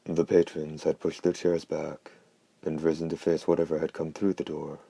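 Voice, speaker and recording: A man narrates an audiobook in a steady, unhurried reading. His voice is extremely deep, dark and monotone. The recording is close and completely dry. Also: creaky, slightly rough, no echo. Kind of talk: scripted narration.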